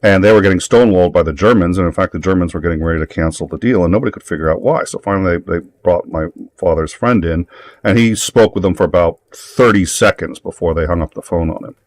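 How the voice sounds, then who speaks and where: A man's voice: sits low, quick pace, a little mellow. A man telling a story in casual chat, rambling along with many fillers and restarts.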